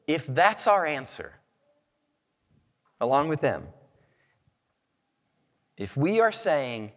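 A man preaching a sermon as pastor, earnest and measured, lifting his voice for emphasis. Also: mid-range voice, animated, fairly bright tone, in a large hall.

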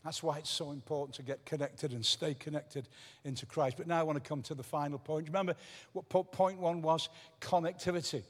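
A man's voice: a little high, fairly even intonation, fairly quick. An older man preaching a sermon as a guest speaker, emphatic and given to repeating key phrases. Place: church auditorium. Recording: reverberant church hall.

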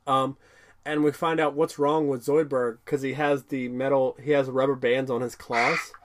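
A podcast co-host rambles through a casual episode recap, full of fillers and laughs, now and then bursting into excited character quotes. His voice is mid-range and moves at normal speed.

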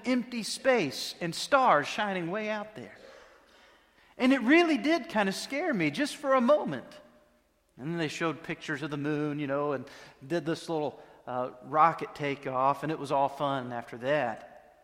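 A man preaching a sermon, telling a story in a conversational way with dramatic pauses. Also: a little high, big pitch swings, fairly bright tone. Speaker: pastor. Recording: long reverb of a large hall.

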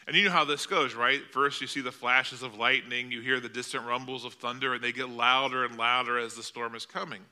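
Bright-voiced male preacher. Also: mid-range voice, fairly even intonation, fairly quick, hardly any pauses. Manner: storytelling with vivid, dramatic delivery. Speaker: pastor. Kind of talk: sermon. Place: church sanctuary.

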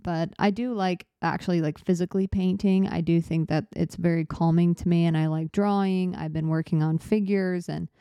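A woman's voice: fairly low pitch, steady tone, normal speed, few pauses, warm tone, clean tone, no room sound, muffled recording. A young woman in her twenties hosting a laid-back solo podcast, chatty and self-deprecating, a little out of breath as she rambles. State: slightly out of breath. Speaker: podcast host.

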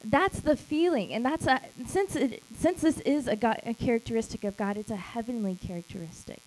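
A woman's voice: on the high side, brisk, a little mellow, slight background noise, rough recording. A woman who leads a small group, giving an emphatic church teaching talk. She repeats key phrases and acts out quoted lines.

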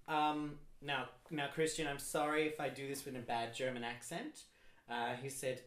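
A man co-hosting a podcast in casual chat, excitable and quick, laughing often. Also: medium pitch, roomy sound. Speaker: podcast co-host.

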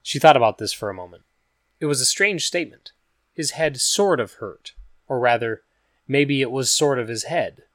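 A man's voice: mid-range voice, dry recording. Man narrating a story, dry sound. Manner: even, measured storytelling. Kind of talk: scripted audiobook narration.

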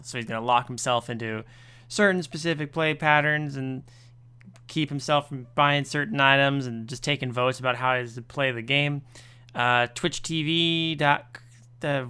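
A man's voice: medium pitch, pushed and bright, clear, resonant tone. A man co-hosting a podcast, making a casual announcement in a tired, wry, sing-song way. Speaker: podcast co-host.

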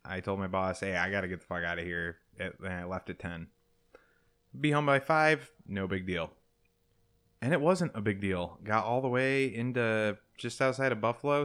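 A man's voice: fairly low pitch, fairly bright tone, clear, resonant tone. A man co-hosting a casual show, telling a long, profane anecdote in a loose, chatty way. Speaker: co-host. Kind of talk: casual storytelling chat.

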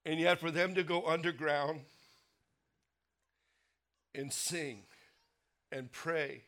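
A pastor preaching a sermon, earnest, sinking to a quiet low voice for weight and lifting it for questions to the congregation. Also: male voice, steady tone, takes it slowly. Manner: earnest preaching, drops low and soft for emphasis, rises for rhetorical questions.

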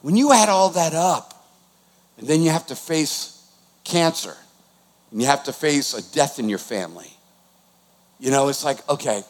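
A man, preaching a conversational sermon with sudden swings in volume. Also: fairly high pitch. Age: 60s. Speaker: pastor. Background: new-age music.

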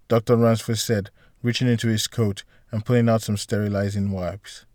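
A man's voice: fairly low pitch, moderate pace, hardly any pauses, no room sound, studio quality. Man reading a novel aloud. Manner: steady storytelling. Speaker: audiobook narrator. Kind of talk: scripted narration.

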